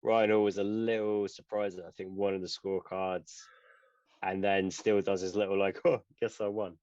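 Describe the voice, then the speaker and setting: A man's voice: low-pitched, little pitch movement, moderate pace, darkish tone, clear, resonant tone, no echo. A man co-hosting a podcast, talking casually in a rambling way with lots of fillers and swearing. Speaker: podcast co-host. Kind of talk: casual chat. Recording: muffled, dry lo-fi sound.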